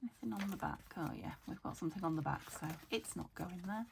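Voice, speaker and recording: Gravelly woman chatting while crafting. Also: on the low side, fast talker, heavy background noise. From United Kingdom. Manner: chatty, thinking aloud, often drops to a whisper. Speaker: junk journal crafter. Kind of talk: casual crafting chat.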